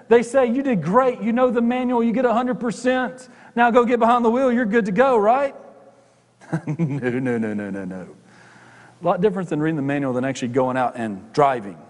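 A middle-aged male pastor preaching a sermon, conversational, with joking asides to the congregation. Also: sits high. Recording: long hall reverb.

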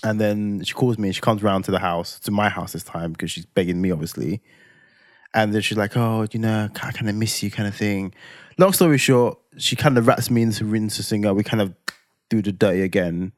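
A man, telling a personal story on a podcast in an animated, dramatic way with slang tags. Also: on the low side, fairly quick, no echo, clean studio sound. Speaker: podcast co-host. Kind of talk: casual storytelling chat.

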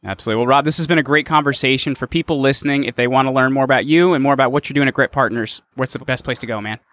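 A man's voice: medium pitch, very fast, fairly bright tone. A man hosting a podcast interview, chatty and friendly, often calling his guest "man.". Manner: friendly, says "man" a lot. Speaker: podcast host. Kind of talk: casual interview chat.

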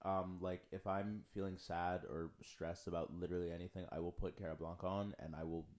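A man's voice: low voice, little pitch movement, brisk, darkish tone. A man co-hosting a podcast in casual chat, talking enthusiastically with lots of filler words. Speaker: podcast co-host.

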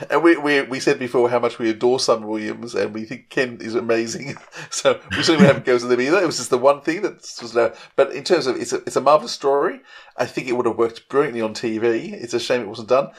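A man's voice: medium pitch, quick pace. A man hosting a podcast, thanking his guest in an earnest, appreciative way. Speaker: podcast host. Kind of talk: casual interview talk.

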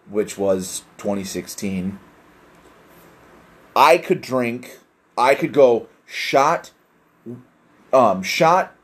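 A young man hosting a casual solo podcast, rambling and self-deprecating, swearing often. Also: mid-range voice. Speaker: podcast host.

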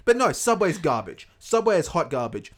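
A man on a podcast, ranting with steady profanity and mock-aggressive asides. His voice sits a little high for a man, and he talks in loose, rambling riffs. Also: normal speed. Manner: profane, ranting comic tangents. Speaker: podcast co-host. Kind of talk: casual podcast chat.

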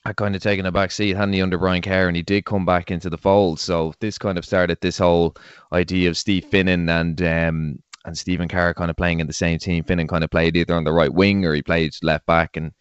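A man's voice: sits low, smooth, no room sound. A man with an Irish accent co-hosting a podcast, recounting events in casual chat. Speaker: podcast co-host. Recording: dull lo-fi sound, dry.

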